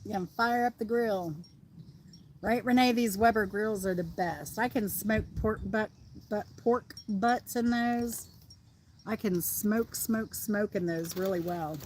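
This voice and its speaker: With a Southern American accent, a middle-aged woman rambles casually while livestreaming outdoors. She speaks at a measured pace in a medium-pitched, slightly mellow voice, with slight background noise.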